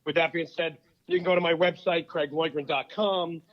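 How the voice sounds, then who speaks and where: Comedian guest, man, high voice, joking and rambling, muffled lo-fi recording. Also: normal speed. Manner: jokey, rambling, excitable. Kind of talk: casual chat. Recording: dull lo-fi sound.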